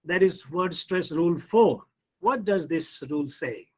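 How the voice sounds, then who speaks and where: A man teaches pronunciation in an online lesson. His voice sits high and he speaks slowly and deliberately. He drills the class on one word at a time and poses questions that he then answers himself. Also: expressive, husky, low-quality recording.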